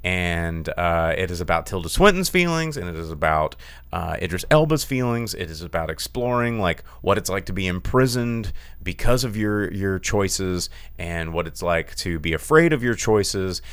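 A man hosting a casual film review show, talking with lots of fillers, restarts and big swoops in pitch. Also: expressive, normal speed, fairly bright tone, smooth, dry recording. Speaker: film review podcast host.

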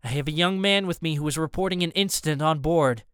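Brief: male narrator plays a casual young guy, quick and helpful. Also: on the high side, a bit bright, clear, resonant tone, no room sound, studio quality, close to an everyday voice. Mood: hurried. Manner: casual and hurried. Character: young male galley worker, helpful and hurried.

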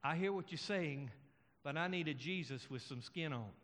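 Man putting on a scared little girl, earnest, quiet, light voice, hall echo. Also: on the high side, moderate pace, lightly acted. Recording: long hall reverb.

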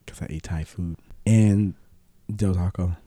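A man co-hosting a casual podcast chat, blunt and profane with a deadpan edge. His voice is dark and mellow, and it sits close and dry on the mic. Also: sits low, a little slow, dry recording. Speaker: podcast co-host.

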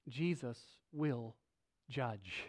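A man preaching a sermon in a casual, conversational way, with filler words and restarts, and sudden swings between loud and soft. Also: mid-range voice, animated, very slow.

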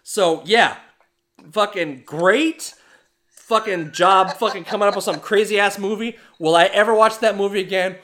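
A man co-hosting a casual podcast, telling stories in an animated, heavily profane way. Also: sits high, measured pace. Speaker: podcast co-host.

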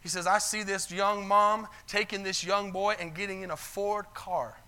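A man's voice: high voice, fairly even intonation, normal speed, pushed and bright, smooth. A male pastor preaching a sermon to his church, telling a story with quoted lines and calling out for amens. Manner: retells stories in quoted voices, calls for amens. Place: church sanctuary.

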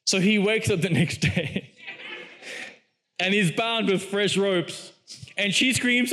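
A male preacher with a high voice tells a story in an animated sermon. He acts out quoted lines with big jumps in pitch and laughs often as he goes along. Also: normal speed. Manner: laughs often while speaking.

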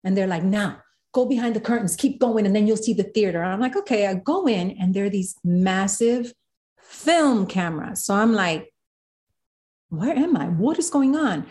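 A woman, a guest in an interview, telling a story with animated quoted voices. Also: medium pitch, normal speed. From South Bronx, New York. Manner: animated, acts out quotes of others.

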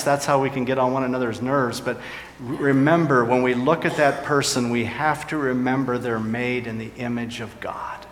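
A man's voice: medium pitch, fairly bright tone. A man preaching a sermon as pastor, his voice rising and dropping for emphasis. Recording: echoey church hall.

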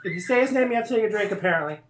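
A woman hosts a relaxed podcast among friends. She talks in a rambling, animated way and laughs often between her stories. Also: medium pitch, rapid-fire, slight background noise. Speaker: podcast host. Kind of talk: casual chat with friends.

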